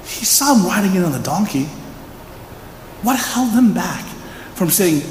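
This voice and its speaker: A man preaching in a large church hall, his high voice swooping lively up and down as he chats and quizzes the crowd. Long reverb rings off the walls over a faint room hum. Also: a little slow, long pauses. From Philadelphia, USA. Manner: animated, chatty, asks the audience questions. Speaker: pastor. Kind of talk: conversational sermon.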